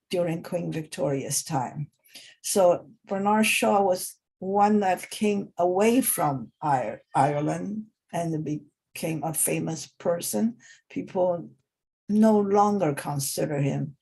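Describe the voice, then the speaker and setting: A woman gives a relaxed English lesson at an unhurried pace. Her voice is gravelly with a husky edge, and she often stops and restarts mid-sentence. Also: deep voice. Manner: halting, with many pauses and restarts. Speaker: English teacher. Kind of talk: informal spoken lesson.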